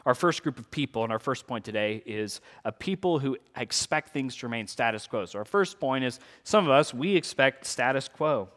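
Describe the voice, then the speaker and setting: A man preaching a sermon, reading scripture aloud and explaining it in an earnest, lively way with casual asides. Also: mid-range voice, moderate pace, few pauses. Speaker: pastor. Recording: long hall reverb.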